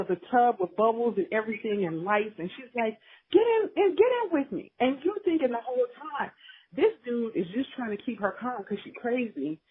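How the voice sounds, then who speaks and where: A woman's voice: fairly high pitch, slight background noise. A woman co-hosting a podcast, recapping a drama in casual, gossipy storytelling and acting out the characters' lines. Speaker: podcast co-host. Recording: tinny phone line.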